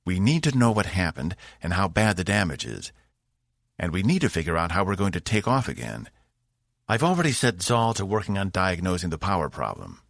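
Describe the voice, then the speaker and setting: A man voicing a female starship captain who gives brisk orders and teases with sarcasm, in an audiobook. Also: low-pitched, sing-song, vocal fry, no room sound, clean studio sound, exaggerated voice. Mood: commanding. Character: female ship captain, dry and teasing. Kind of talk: audiobook character voice.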